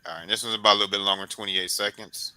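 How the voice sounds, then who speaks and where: A man hosting a sports podcast interview, talking in a loose, encouraging, coach-like way and beating out rhythms with repeated boom sounds. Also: steady tone, racing, sharp tone, slight background noise, poor audio. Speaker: podcast host. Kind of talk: casual sports interview chat.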